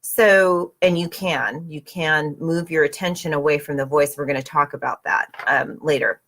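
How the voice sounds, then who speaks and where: A woman from Southern California with a slightly low voice leads a relaxed book club reading and guided meditation. She talks in a chatty, upbeat way and often checks in with her listeners. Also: normal speed, hardly any pauses. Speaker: host.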